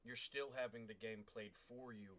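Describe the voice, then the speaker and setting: A man's voice: medium pitch, steady tone, moderate pace. A man streaming a tank game, ranting bluntly and with some profanity as he plays. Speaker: gaming streamer. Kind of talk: gameplay commentary. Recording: game noise loud underneath.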